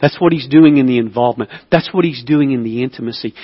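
A man preaching a sermon as pastor, telling stories with lively emphasis and dropping to a hushed voice. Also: mid-range voice, fast talker, hardly any pauses, husky, muffled recording. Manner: animated storytelling, swings between loud emphasis and hushed intimacy. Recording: long hall reverb.

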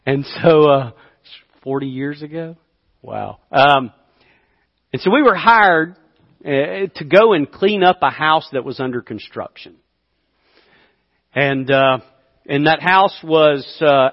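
Middle-aged pastor preaching in a big hall. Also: male voice, a little high, expressive, slow, pauses often, highs cut off. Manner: storytelling, swinging from quiet to loud, laughing at himself. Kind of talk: sermon.

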